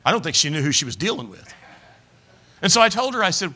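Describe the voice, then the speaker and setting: A man's voice: sits high, big pitch swings, fast talker, bright, forceful tone. An older man, a preacher telling a folksy, self-mocking story in a sermon. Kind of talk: sermon with humorous personal anecdote.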